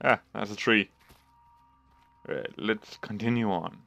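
A man hosting a gaming channel, giving let's play commentary with loud, sweary reactions to the game. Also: fairly low pitch, slow, creaky, slight background noise.

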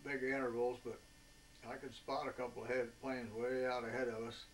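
A man in his eighties, a veteran, recalling his wartime years in a folksy, rambling way with many filler pauses. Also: mid-range voice, level tone. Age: 80s. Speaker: veteran interviewee. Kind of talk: oral history reminiscence. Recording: distant mic with faint background noise.

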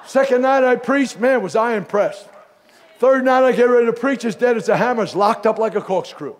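High-voiced male preacher telling stories. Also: a little fast, big-room sound. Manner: humorous storytelling, building to loud exclamations. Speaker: bishop and preacher. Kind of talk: sermon.

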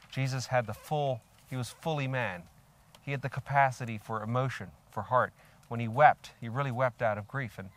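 In a mid-range voice, an older man preaches a sermon, earnest and reflective. He puts direct questions to his listeners and reads scripture aloud with rising emphasis.

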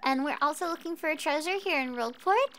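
A woman streamer chatting casually with viewers while she plays a game, bubbly and quick to giggle. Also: high voice. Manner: bubbly, giggly, easily excited. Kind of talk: casual gameplay chat.

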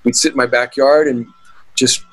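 Heard on poor audio, a middle-aged guitarist rambles through stories in a casual interview, often restarting and using fillers. His mid-range voice has fairly even intonation and a moderate pace.

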